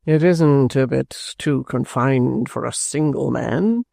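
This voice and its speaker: A man's voice: medium pitch, vocal fry, mellow, no room sound, clean studio sound. A man voicing a pompous theatrical actor who drawls his words grandly. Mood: hammy. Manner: slow, drawn-out, grandly theatrical.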